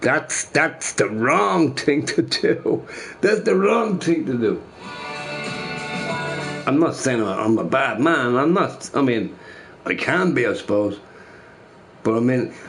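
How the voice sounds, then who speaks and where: A man ranting casually to his chat, repeating himself emphatically. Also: medium pitch. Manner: emphatic, repeats phrases, says bro a lot.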